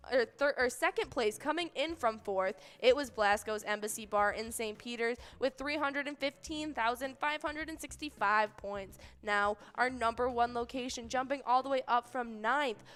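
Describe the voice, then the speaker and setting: A woman co-hosting a live game stream, briskly reading out location standings in a matter-of-fact way. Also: a little high, a bit bright, smooth. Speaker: livestream co-host.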